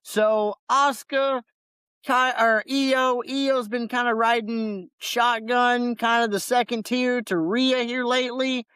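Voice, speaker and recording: Male podcast co-host, casual and laid-back, clear voice, dry close sound. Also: very high voice, steady tone, slow, bright, forceful tone, no echo. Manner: laid-back, loose, repeats words. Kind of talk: casual wrestling podcast chat.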